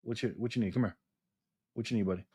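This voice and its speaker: A man's voice: on the low side, quick pace, dark tone, slightly rough, no echo, clean studio sound. A man hosting a live stream in a casual chat style, reading viewer comments aloud, laughing often and cheering on players. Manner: laughs often, loose and playful.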